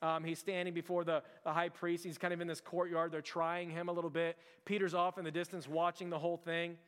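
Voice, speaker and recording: A man's voice: fairly high pitch, level tone, fairly quick, a bit bright, clear, resonant tone, in a large hall. A man preaching to his church in a casual, chatty sermon, full of "like" and restarts. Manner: chatty, heavy use of "like" and restarts. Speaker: pastor. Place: church sanctuary.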